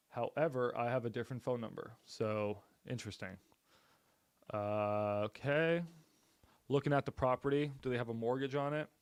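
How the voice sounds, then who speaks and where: A man's voice: medium pitch, smooth, dry recording. Male real estate streamer, blunt and punchy sales patter with loose casual talk, middle voice, dead-dry room. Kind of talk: casual live-stream commentary while cold-calling.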